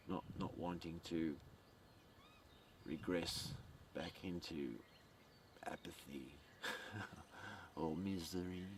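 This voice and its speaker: Gravelly, slow man outdoors. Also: low-pitched. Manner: meandering, repeats words, swears, chuckles often. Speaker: vlogger. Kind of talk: rambling monologue to camera. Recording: distant mic outdoors, faint outdoor noise.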